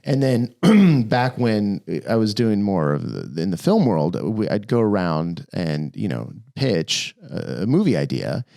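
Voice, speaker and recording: A middle-aged man co-hosting a podcast in casual chat, rambling and animated with frequent restarts. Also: lowish voice, unhurried, vocal fry, hardly any pauses, no echo, clean studio sound. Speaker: podcast co-host.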